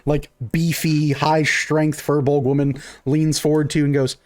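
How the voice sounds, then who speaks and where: A man's voice: a little high, flat delivery, normal speed, hardly any pauses, darkish tone, faint music behind. A man narrating a tabletop game as game master, casual and chatty, storytelling with lots of "she goes".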